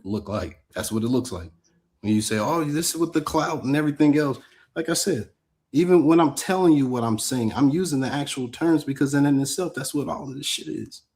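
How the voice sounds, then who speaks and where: A man's voice: medium pitch, a little mellow. A man on a panel, defending himself bluntly with profanity in a heated argument. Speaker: panel guest.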